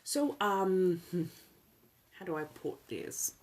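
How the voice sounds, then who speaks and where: In a markedly low voice and an affected 1700s colonial American accent, a woman hosts an ASMR livestream, soft-spoken and chatty. She teases playfully and laughs often, her intonation lively and her words drawn out, with a little background noise.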